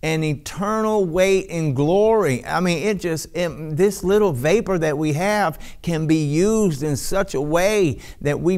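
A man preaching a sermon, speaking slowly with many restarts and breaking into ecstatic shouts of praise. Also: fairly high pitch. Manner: bursts into ecstatic shouts and hallelujahs; slow, halting delivery with many restarts.

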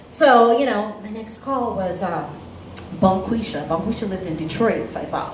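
A woman's voice: mid-range voice, a little fast. A woman raised in Africa doing stand-up storytelling at an open mic, acting out voices. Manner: lively, acts out voices. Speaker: stand-up comic. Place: comedy club. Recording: echoey club room, faint noise.

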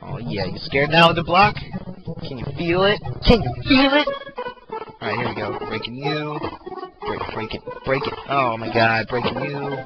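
A young man giving excitable, jokey let's play commentary with sudden shouty outbursts, recorded on a cheap home mic. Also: mid-range voice, moderate pace. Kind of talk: gameplay commentary. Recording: dull lo-fi mic, loud game music.

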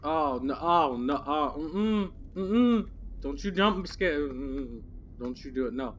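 A man's voice: on the high side, animated, measured pace, a bit bright, dull audio, a little hiss or hum. A young man commentating a horror game, jittery and nervous, swearing and muttering to himself. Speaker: gamer.

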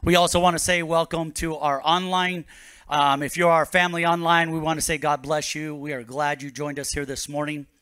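A man's voice: fairly high pitch, little pitch movement, fairly quick, bright, forceful tone, smooth, no room sound. A man, a pastor, preaching a sermon to his congregation with rising bursts of energy.

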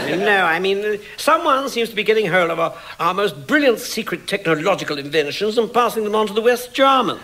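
Bright-voiced man bantering indignantly. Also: sits high, animated, normal speed. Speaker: comedy performer. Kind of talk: 1980s radio comedy sketch. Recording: old radio broadcast with faint hiss.

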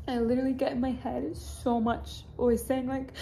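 A woman's voice: on the high side, steady tone, normal speed, mellow, slight background noise. A young woman vlogging into her phone with a teary, crying voice, gushing and saying "like" constantly, in a hotel room. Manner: gushing, heavy use of "like". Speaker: fitness influencer. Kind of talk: casual vlog confession.

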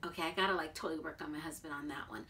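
Bubbly bright-voiced American woman. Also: low voice, steady tone, racing. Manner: bubbly, chatty, frequent filler words. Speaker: vlogger. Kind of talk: casual chat to camera.

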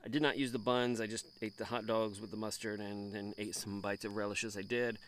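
A middle-aged man chatting through a casual camping vlog outdoors on a farm, rambling and relaxed. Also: on the low side, brisk. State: out of breath. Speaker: camping vlogger. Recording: outdoor noise, birds and animals.

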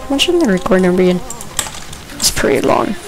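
A woman giving chatty, excitable commentary while playing a video game, with quick outbursts. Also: lowish voice, faint music behind, low-quality recording. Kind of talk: casual gameplay commentary.

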